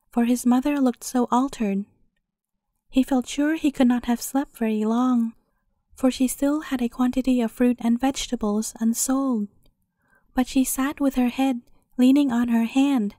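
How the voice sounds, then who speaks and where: Woman reading a bedtime story, calm and even, high but mellow voice, dry sound. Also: no echo. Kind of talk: scripted storybook narration.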